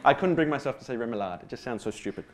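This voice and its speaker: He talks very fast with lively intonation in a mid-range voice. The Australian speaker's comic personal tale on stage is rambling and full of fillers, restarts, self-mockery and offhand swearing.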